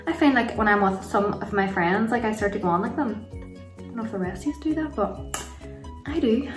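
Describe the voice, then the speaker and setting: A woman's voice: mid-range voice, a little fast, music in the background. Chatty Irish woman in a roomy space. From Ireland. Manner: chatty and rambling, gushing over products with frequent laughs. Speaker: beauty vlogger. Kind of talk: casual makeup tutorial and Q&A chat. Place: home room, kids nearby. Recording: roomy sound from a distance.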